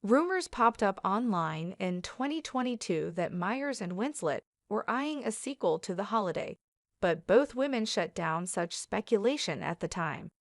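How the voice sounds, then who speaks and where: A woman narrating a scripted entertainment news piece in an even, read-aloud delivery. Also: mid-range voice, normal speed, no room sound, clean studio sound.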